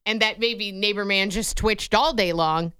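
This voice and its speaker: A woman co-hosting a radio show tells a story in chatty, casual banter, laughing often. Her mid-range voice is bright, forceful, clear, and resonant, at normal speed, recorded in a clean studio with no echo.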